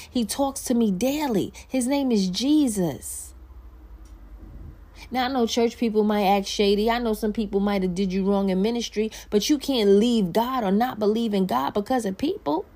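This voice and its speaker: A woman hosting a Christian podcast, talking casually about faith and reading scripture aloud, using slang as she goes. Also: fairly high pitch. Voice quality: animated, conversational preaching with slang. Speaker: podcast host.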